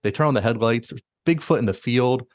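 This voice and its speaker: A man's voice: medium pitch, fairly quick, no echo, clean studio sound. A man hosting a podcast, casually retelling stories with many likes and quoted asides. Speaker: podcast host. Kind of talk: casual storytelling.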